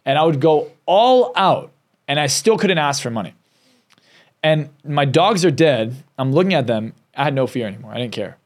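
A success coach and hypnotist with a mid-range voice appears as a podcast guest, telling a candid, emotional personal story. He often restarts his sentences.

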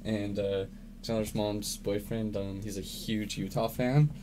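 A man's voice: fairly low pitch, fairly even intonation, unhurried. Laid-back young man, casual chat. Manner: laid-back, swears freely, laughs often. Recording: faint background noise.

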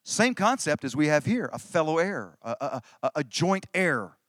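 A man's voice: a little high, big pitch swings, normal speed, fairly bright tone, no room sound, clean studio sound. A middle-aged man preaching a sermon in a conversational way, often restarting phrases for emphasis. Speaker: pastor.

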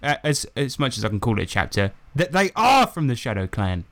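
A man's voice: mid-range voice, sing-song, brisk, fairly bright tone. A man co-hosting a podcast, reading bad fan fiction aloud with sarcastic, exasperated asides and swearing. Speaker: podcast co-host.

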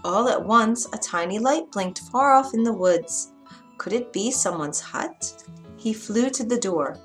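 A woman reading a children's story aloud, gentle and expressive. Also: medium pitch, unhurried, soft background music.

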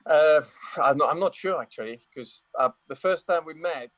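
A man's voice: a little high, normal speed, a bit bright, dry recording, muffled recording. A man from France with a French accent, a guest telling stories in casual chat, hesitant with many fillers and restarts. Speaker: guest, motorcycle racer.

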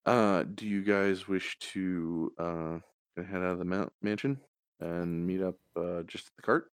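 A man's voice: low voice, steady tone, unhurried, smooth, no echo. A man running a tabletop game as game master, narrating hesitantly with many fillers.

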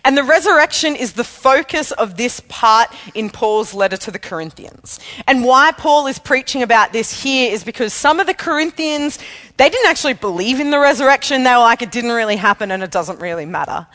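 Woman preaching, fairly high voice, talks casual and open, laughs at herself sometimes. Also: animated, moderate pace, a bit bright, big-room sound. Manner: chatty and candid, laughs at herself. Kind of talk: evening sermon with personal story.

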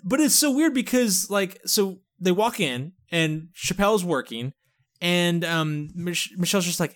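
A man with a notably high speaking voice chats casually on a podcast. He recaps a TV episode in animated fashion and slips into the characters' lines as he goes, laughing often along the way. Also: measured pace. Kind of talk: casual chat.

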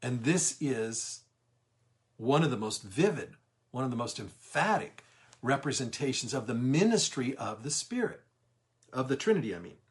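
Man, middle-aged, Bible study teacher, livestream, emphatic, slows for key words, medium pitch. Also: sing-song.

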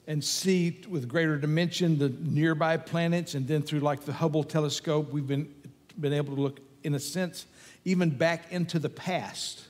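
With a slightly high voice, a pastor preaches a sermon emphatically, repeating phrases as his intensity builds. Long reverb fills the sound, like a church sanctuary.

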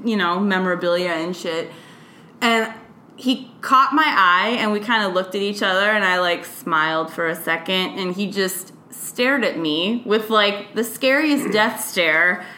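A woman co-hosting a podcast in casual chat, telling stories in an animated way and swearing freely. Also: mid-range voice, echoey room. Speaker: podcast co-host.

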